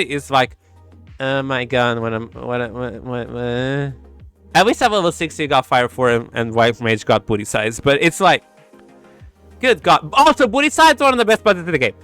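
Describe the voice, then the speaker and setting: Bright, high, lively-voiced giggly man. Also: moderate pace, no echo, faint music behind. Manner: animated, giggly, makes sound effects. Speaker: streamer. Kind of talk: casual chat.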